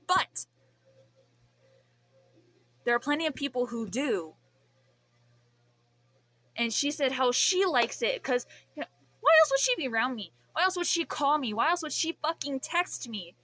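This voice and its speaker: A woman's voice: high voice, very animated, measured pace, long pauses, pushed and bright. A young woman venting to camera in a rambling, emotional way, swearing often. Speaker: vlogger. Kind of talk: emotional vent.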